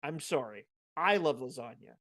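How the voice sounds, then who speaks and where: A man's voice: mid-range voice, animated, moderate pace, a bit bright, no room sound, studio quality. A man in his thirties co-hosting a podcast, chatting casually, joking around and swearing offhand. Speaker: podcast co-host. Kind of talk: casual chat.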